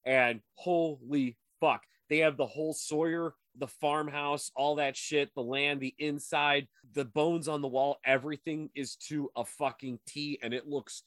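A man's voice: fairly high pitch, steady tone, unhurried, hardly any pauses, fairly bright tone, no room sound, clean studio sound. A man co-hosting a podcast in casual chat, rambling and crude, stumbling over names, on a video call. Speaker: podcast co-host.

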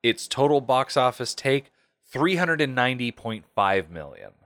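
A man's voice: mid-range voice, sing-song, normal speed, a bit bright, dry recording. A man co-hosting a casual movie review podcast, reading out facts and critics' quotes and then adding wry asides. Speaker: podcast co-host.

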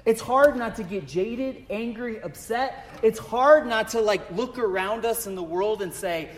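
A man preaching a sermon in a chatty, animated way, telling a story and asking rhetorical questions. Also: high-pitched, a little slow, few pauses. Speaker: pastor. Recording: long reverb of a hall.

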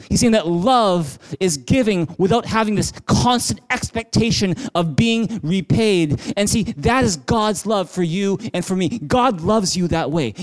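A man pastor preaching a sermon in a conversational way, with quick asides and restarts. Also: high-pitched.

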